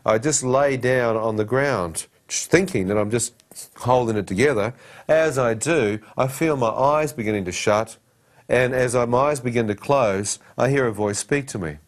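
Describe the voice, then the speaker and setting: A man's voice: medium pitch, normal speed. A man giving a personal testimony, telling his story dramatically and acting out the dialogue and his own thoughts.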